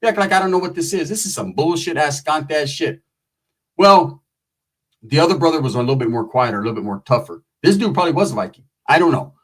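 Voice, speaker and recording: A man's voice: fairly high pitch, animated, quick pace, low-quality recording. A man doing stand-up comedy, telling a rambling, profane story and slipping into voices of the people in it. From Mexican-American.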